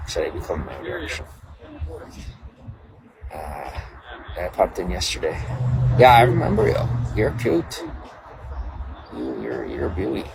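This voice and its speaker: A man's voice: extremely low pitch, big pitch swings, unhurried, gravelly, pauses often, background noise. A man hosting a casual livestream, rambling chattily and greeting viewers by name. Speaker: livestream host. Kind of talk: casual live-stream chat.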